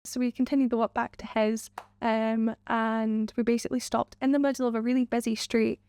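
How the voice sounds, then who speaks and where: A woman's voice: fairly high pitch, level tone, fairly quick, warm tone, clear, resonant tone. A young woman telling a personal story in an interview, recounting past talk with quoted lines and many fillers.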